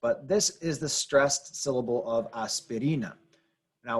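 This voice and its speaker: A man's voice: mid-range voice, a little mellow, husky. A man teaching a Spanish grammar lesson, explaining patiently and repeating key rules, with the occasional "um". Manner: patient, repetitive explaining with fillers. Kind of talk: classroom-style grammar lesson.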